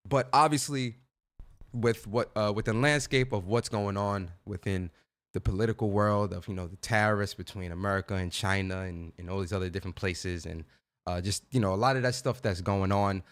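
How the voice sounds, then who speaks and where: A man's voice: lowish voice, moderate pace, fairly bright tone. A young man hosting a casual gaming livestream, chatting in laid-back slang, greeting viewers by name and laughing often.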